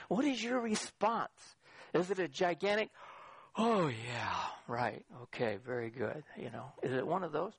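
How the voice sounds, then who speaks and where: A middle-aged pastor delivers a sermon, tossing questions at his listeners and lifting his voice to stress a point. His voice sits a bit high and carries a gravelly edge. The sound is close and dry, with no room around it. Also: no echo. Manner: lively, questioning the audience directly.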